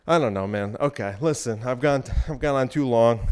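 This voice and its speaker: A man's voice: mid-range voice, quick pace, hardly any pauses, clear, resonant tone. A man hosting a solo podcast, rambling in a provocative, irreverent way while out of breath from exercise. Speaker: podcast host.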